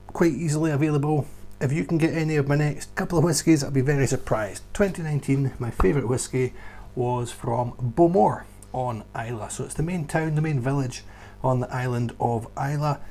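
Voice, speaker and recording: A whisky tour guide with a medium-pitched, slightly mellow voice talks through his favourite whiskies in a casual vlog. He's enthusiastic and emphatic, recording indoors at home beside a shelf.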